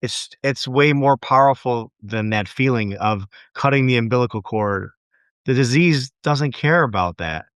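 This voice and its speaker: Podcast host, man, mid-pitched, smooth voice, earnest and reflective, dry sound. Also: a little slow, fairly bright tone, no room sound. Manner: earnest, reflective, repeats words as he thinks. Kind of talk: conversational interview.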